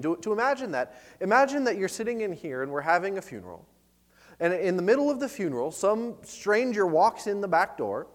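A man preaching a sermon, retelling a story with lively, animated delivery and frequent restarts. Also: sits high, big-room sound. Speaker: pastor. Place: church sanctuary.

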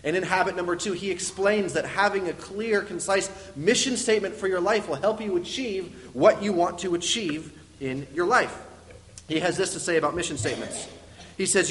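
A man's voice: high voice, normal speed, a bit bright, a little hiss or hum. A young adult man giving a sermon, speaking earnestly and explaining step by step, with frequent fillers. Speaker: preacher. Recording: long reverb of a large hall.

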